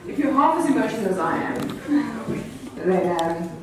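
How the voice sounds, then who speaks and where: A woman's voice: mid-range voice, big pitch swings, measured pace. Effusive woman hosting in a reverberant hall. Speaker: event moderator. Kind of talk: hosting a live event. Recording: echoey hall, mic far off, noisy.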